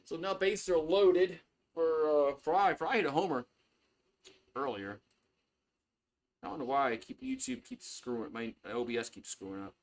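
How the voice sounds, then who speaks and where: A man's voice: on the high side, very animated, normal speed, pauses often. A man giving casual play-by-play on a live stream, loose and chatty, swearing freely. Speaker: live stream sports host.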